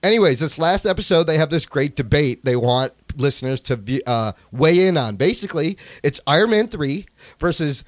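A man co-hosting a casual podcast, animated and playful, swearing freely as he chats over a video call. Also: on the high side, moderate pace, no echo. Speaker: podcast co-host.

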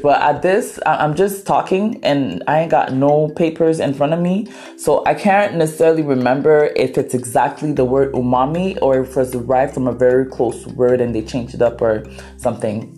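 A woman from Ghana, a native Twi speaker, hosts her podcast as a lively storyteller. She talks playfully and a little dramatically, with a voice that sits on the low side, and faint music plays underneath. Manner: animated, dramatic, playful, acts out quoted voices. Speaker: podcast host. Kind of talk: casual storytelling monologue.

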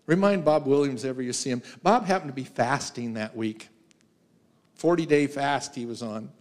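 Speaking at normal speed in a medium, slightly mellow voice, this man is a guest preacher in a church sanctuary. His sermon is built from personal anecdotes, with lots of laughing and acted-out quotes.

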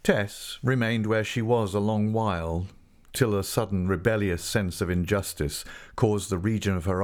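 A man narrating a classic novel in a measured, expressive audiobook reading. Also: on the low side.

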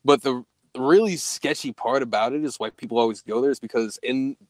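A young man casually telling a spooky story, swearing a lot and jumping to a high voice when he quotes himself. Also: brisk, no echo. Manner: profane, animated, voice jumps high when quoting himself.

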